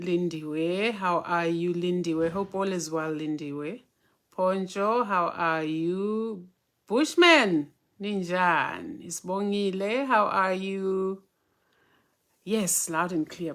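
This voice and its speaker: A woman's voice: medium pitch, a bit bright. A woman casually hosting a livestream, greeting viewers one by one by name and mixing in Zulu and Xhosa. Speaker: spiritual teacher hosting a livestream.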